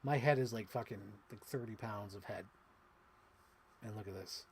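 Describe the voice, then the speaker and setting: A man chatting casually on a live stream while unboxing toys, rambling and excitable with lots of "like.". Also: fairly low pitch, moderate pace, very noisy. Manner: rambling, excitable, heavy use of "like". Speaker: toy collector streamer.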